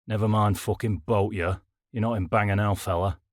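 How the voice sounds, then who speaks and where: A man's voice: on the low side, steady tone, moderate pace, dry recording, studio quality, natural voice. A man voicing a stern male army sergeant major whose voice is cold, clipped and resonant. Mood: scolding. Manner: gruff barking.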